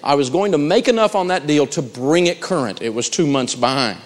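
A man giving a live seminar talk on negotiating, telling stories with animated delivery and acting out the quotes. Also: fairly high pitch, a little fast, in a large hall. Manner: animated storytelling, acts out quotes. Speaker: negotiation speaker.

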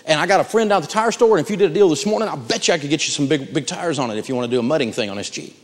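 A man's voice: a little high, racing, big-room sound, natural voice. A man mimicking a pushy used-car salesman's eager sales patter.

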